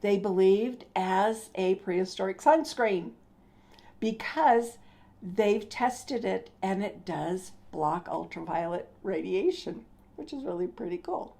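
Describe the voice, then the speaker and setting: Older female host, slow mellow delivery, casual explainer, trips over names now and then. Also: medium pitch, creaky. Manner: unhurried, stumbles over names. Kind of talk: casual science talk.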